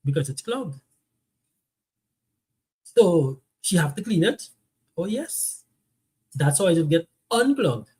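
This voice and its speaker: A man's voice: a little high, very animated, takes it slowly, pauses often, a little mellow. A man co-hosting a live relationship talk show, explaining his views at length and telling stories from home in casual chat.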